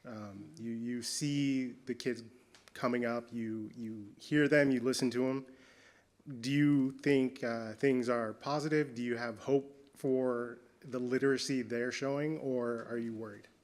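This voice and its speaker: A man's voice: medium pitch, steady tone, a little slow. A man moderating a live panel, asking the panel plain questions. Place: on stage in a town hall venue.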